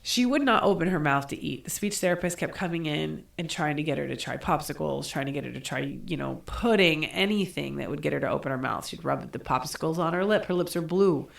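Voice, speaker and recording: A middle-aged woman co-hosting a podcast, telling a story in a casual chat. Her voice sits low and has a gravelly edge. She acts out what people said, animated and laughing along. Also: brisk, hardly any pauses. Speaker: podcast co-host.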